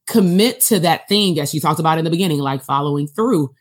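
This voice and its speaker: A woman with a notably low voice hosts the conversation. She talks in a chatty way, with restarts, and offers coaching advice to her listeners. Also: animated, fast. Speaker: podcast host. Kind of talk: casual interview talk.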